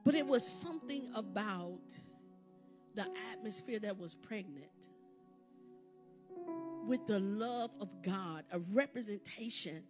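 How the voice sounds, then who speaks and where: A woman's voice: mid-range voice, animated, slow, pauses often. A woman preacher delivering a sermon in a church, building to fervent exhortation with repeated phrases. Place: church sanctuary. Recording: live church service with background music. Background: instrumental music playing under the sermon.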